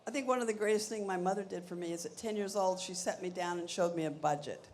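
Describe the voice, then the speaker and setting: An older woman being interviewed on stage, telling lively stories and acting out the voices of the people she quotes. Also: fairly low pitch, fast, a little hiss or hum. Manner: animated, acts out quoted voices. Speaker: interview guest. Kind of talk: anecdotal storytelling on stage.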